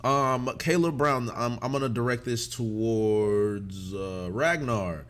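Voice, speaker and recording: A man who moderates a casual livestream panel, relaxed and quick to laugh as he reads out viewer messages. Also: medium pitch. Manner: laid-back, laughs easily, reads messages aloud. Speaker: moderator reading viewer questions.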